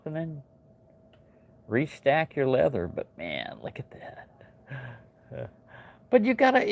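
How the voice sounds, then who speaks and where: A man hosting a casual livestream, telling a long story in a rambling way, with many fillers and restarts. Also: medium pitch. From New Mexico. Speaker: channel host. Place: home in Texas.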